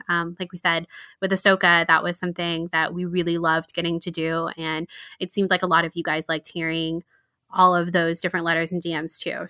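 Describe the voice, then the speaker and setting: A young woman co-hosting a podcast in casual chat, bubbly and excitable, laughing often. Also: on the low side, smooth, dry recording, clean studio sound. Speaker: podcast co-host.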